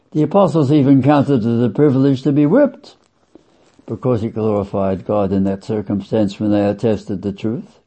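A man preaching a sermon, emphatic and deliberate, stretching key words and swinging his voice up for stress. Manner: emphatic, sweeping swings in pitch and loudness; slow, deliberate, drawn-out phrasing. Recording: dull lo-fi recording.

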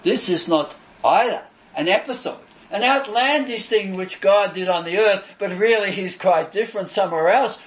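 A man preaching a sermon, emphatic and declamatory, repeating phrases for stress and pausing between them. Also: sits high, poor audio. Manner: measured, declamatory delivery with pauses between phrases.

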